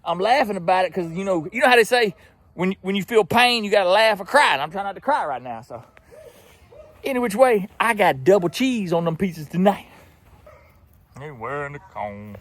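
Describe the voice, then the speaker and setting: A man's voice: high voice, big pitch swings, normal speed, fairly bright tone. A young man chatting casually in an outdoors vlog, laughing often, folksy. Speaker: outdoors vlogger.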